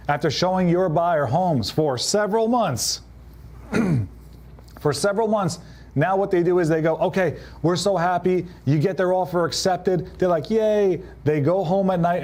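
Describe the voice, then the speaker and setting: Male business coach, live session, fairly high voice, punchy, plays out client dialogue. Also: a little mellow. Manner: punchy, acts out quoted clients in changed voices. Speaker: real estate coach. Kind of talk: live motivational business talk.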